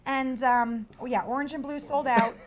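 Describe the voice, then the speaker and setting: A woman's voice: sits high, fairly even intonation, moderate pace, slight background noise. A woman hosting a live home shopping show, selling with a bubbly, playful patter. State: winded. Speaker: shopping channel host. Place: television studio.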